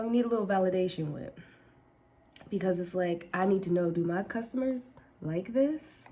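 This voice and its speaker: With a warm, medium-pitched voice, a vlogger chats while getting ready in her home kitchen and later upstairs, laughing frequently and calling viewers "girl." A little hiss or hum runs under the recording.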